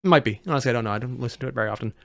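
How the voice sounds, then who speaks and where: A video reactor giving casual, sarcastic commentary, swinging between loud outbursts and low mutters. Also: racing, vocal fry, a little hiss or hum. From United States.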